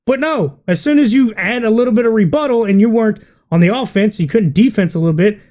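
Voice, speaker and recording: A man's voice: high voice, quick pace, darkish tone. A man giving blunt, exasperated commentary on a video, swearing freely as he rants. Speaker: vlogger reacting to a video. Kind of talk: ranting commentary.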